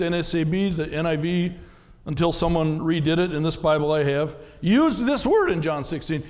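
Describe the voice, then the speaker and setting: A man's voice: high-pitched, big-room sound. A man, a pastor, preaching a sermon in a conversational way, often asking the congregation questions.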